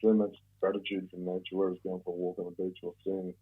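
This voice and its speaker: A man's voice: sits low, monotone, quick pace. A man in his fifties with an Australian accent, a podcast guest in casual talk, blunt and swearing often, rambling with many restarts. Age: 50s. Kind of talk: casual conversation. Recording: tinny phone-like sound.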